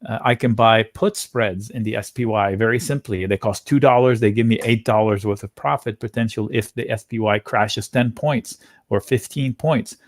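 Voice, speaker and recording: A man's voice: lowish voice, moderate pace, no echo, clean studio sound. A man hosting a live options trading webinar, chatting casually and thinking aloud as he goes through charts. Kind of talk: live market commentary.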